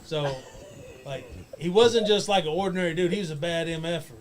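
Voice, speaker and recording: A man's voice: on the high side, brisk. A man casually telling a rambling, profane backstage story as a guest on a talk show, laughing as he goes.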